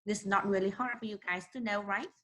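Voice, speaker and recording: A young woman with a Vietnamese accent teaching an English class online, encouraging and slowly modeling words for students to repeat. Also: mid-range voice, fairly even intonation, a bit bright, rough recording.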